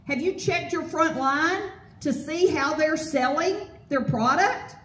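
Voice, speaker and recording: A woman giving a motivational property management seminar, energetic, often posing fill-in-the-blank questions to the audience. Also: sits high, slow pace. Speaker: property management trainer and speaker. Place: event hall with an audience. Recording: roomy hall, voice from far off.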